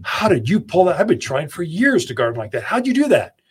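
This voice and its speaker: An amazed, envious neighbor questions a fellow gardener in disbelief, as a husky-voiced radio host puts it on. The questions come out incredulous and a little high. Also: male voice, very animated, a little fast, full character voice.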